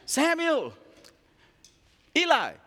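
A man's voice: very high-pitched, wildly swooping pitch, very slow, pushed and bright, pitched above the performer's own voice, exaggerated voice. A man voicing a puzzled, eager young boy who keeps asking questions, in a hall with long reverb. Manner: questioning, raised voice.

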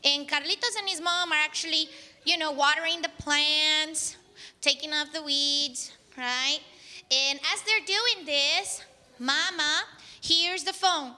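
High, lively woman telling a children's story. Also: moderate pace, in a large hall. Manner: expressive, engaging, asks the children questions. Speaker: children's story teller at church.

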